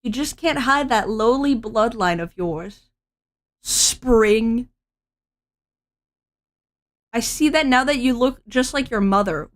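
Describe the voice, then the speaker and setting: A woman's voice: fairly high pitch, slow, pauses often. A woman reading a cold, cruel noble father. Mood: scornful. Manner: contemptuous, threatening.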